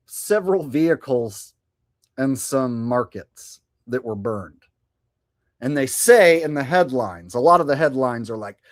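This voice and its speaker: A man hosting a livestream, chatting casually and a bit sarcastically while reacting to news clips and reading viewer messages. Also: mid-range voice. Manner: chatty, sarcastic, loose and animated. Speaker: livestream host. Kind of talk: casual commentary reading viewer super chats.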